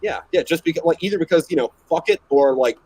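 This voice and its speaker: A man co-hosting a podcast, cutting in with quick, blunt remarks. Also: a little high, animated, darkish tone, slightly rough, no room sound, low-quality recording. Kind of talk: casual chat.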